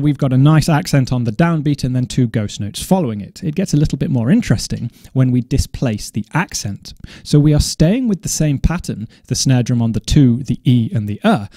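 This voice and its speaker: A man teaching drum coordination in a measured, methodical way, now and then correcting himself as he explains. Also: mid-range voice, mellow, no echo, clean studio sound. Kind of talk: instructional explanation.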